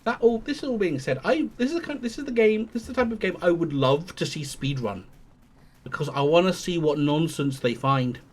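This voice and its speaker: A man's voice: a little high, lively intonation, brisk. A man streaming a game live, thinking aloud in a rambling way and swearing casually as he plays. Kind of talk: live gameplay commentary.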